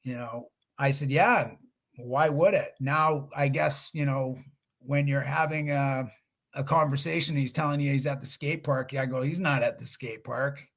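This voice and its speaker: Middle-aged male guest speaker, mid pitch, chatty storyteller on a video call. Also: normal speed, vocal fry, fairly bright tone. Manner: conversational, restarts, acts out quotes. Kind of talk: webinar storytelling.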